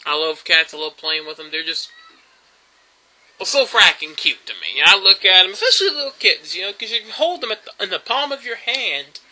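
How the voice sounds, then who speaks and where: A man talks straight to the camera in a loose vlog monologue, wandering from one story to the next with plenty of ums and uhs. His voice sits high and sounds very bright. His pitch swings widely as he goes. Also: sing-song, a little fast, rough recording. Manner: rambling storytelling with fillers and laughs. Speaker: YouTube vlogger.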